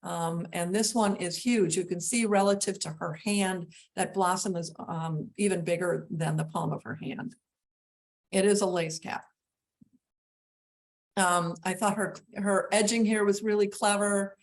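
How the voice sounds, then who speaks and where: A woman's voice: medium pitch, fairly even intonation, a little slow. A middle-aged woman presenting a gardening class, narrating slides in a chatty way with frequent ums and restarts.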